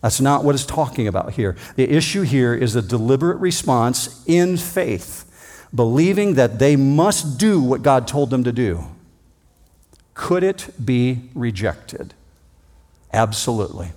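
A male pastor delivering a sermon, rising to emphatic points and dropping to quiet asides. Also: mid-range voice, lively intonation, unhurried. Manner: preaching with emphatic rises and quiet drops. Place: church.

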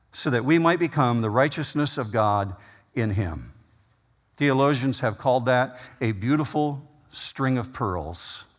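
A man preaching a sermon as pastor, emphatic, slowing down and rising in pitch on key words. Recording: long reverb of a large hall.

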